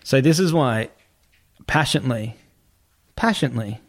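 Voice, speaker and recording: Animated storytelling man, swearing freely. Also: medium pitch, moderate pace. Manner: animated, swearing, acts out other people's lines. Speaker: guest telling a story. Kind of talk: casual storytelling.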